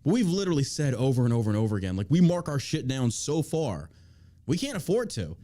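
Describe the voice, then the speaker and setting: A male podcast host rants in a heated, cursing way, his voice jumping up and down with lively swings. He talks casually in a small studio, mid-range in pitch. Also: quick pace. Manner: profane, ranting, heated.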